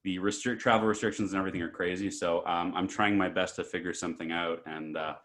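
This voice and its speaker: A man's voice: sits low, fast. A man from Canada co-hosting a casual podcast as a father, laughing often while he tells stories. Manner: laughs often, relaxed storytelling. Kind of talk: casual chat.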